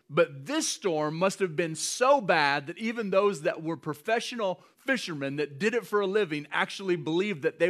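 A man preaching a sermon, animated and often chuckling as he acts out scenes. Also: high-pitched. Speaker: pastor.

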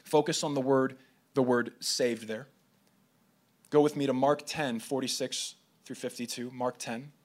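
A man's voice: medium pitch, steady tone, measured pace. Man preaching a Friday night sermon. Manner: reads scripture aloud, with slips and restarts.

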